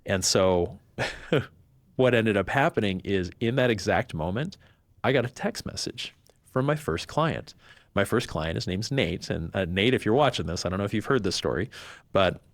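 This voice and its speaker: A man's voice: on the low side, normal speed, no echo. A man, a podcast guest, telling a personal story in casual chat and acting out the voices of the people he quotes. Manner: animated, acts out quoted voices.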